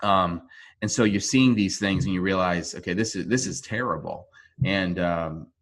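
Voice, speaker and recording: Low-voiced man, remote interview guest, earnest and halting, speaks over a video call. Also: a bit bright. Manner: earnest, halting, with frequent restarts.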